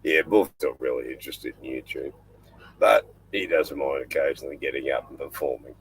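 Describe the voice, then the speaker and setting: A man's voice: rumbling low, a little fast, background noise. An older Australian man hosting a casual live stream from inside his small boat at night, rambling and chatting in between fussing over his dog. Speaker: livestream host.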